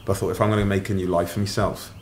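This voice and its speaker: A man's voice: low-pitched, little pitch movement, very fast, echoey room, slight background noise. A middle-aged man, a podcast guest candidly telling his story in a matter-of-fact, casual way.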